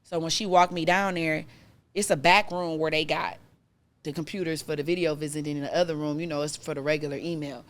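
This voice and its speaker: A woman guest telling her personal story in casual podcast chat, animated and emotional, with many fillers. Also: deep voice, a little fast.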